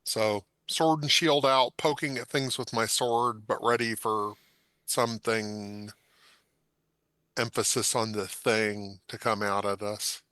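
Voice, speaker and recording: A man playing a tabletop game, deciding moves out loud in casual talk. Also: mid-range voice, steady tone, unhurried, few pauses, no echo. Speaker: player.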